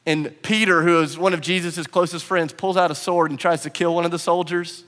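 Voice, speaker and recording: A man preaching in a church auditorium, his fairly high voice rising on emphasis and dropping to a hush. A long reverb trails behind every phrase. His delivery is dynamic and earnest. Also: steady tone, fairly quick. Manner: dynamic preaching, swings from loud emphasis to hushed lines. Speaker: pastor. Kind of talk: sermon. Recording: long reverb of a large room.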